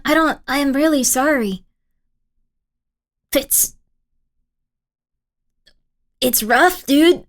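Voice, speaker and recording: A woman's voice: high voice, extremely slow, pauses often. A woman streamer chatting casually with her live chat, giggly, rambling and full of apologies. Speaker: streamer reacting to videos.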